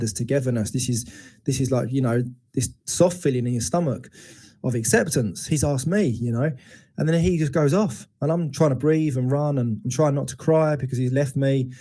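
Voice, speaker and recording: Man in his forties, mid-pitched and warm, candid guest opening up about hard memories with halting restarts. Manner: open, searching, halting retelling of painful memories. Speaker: interview guest. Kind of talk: candid personal storytelling.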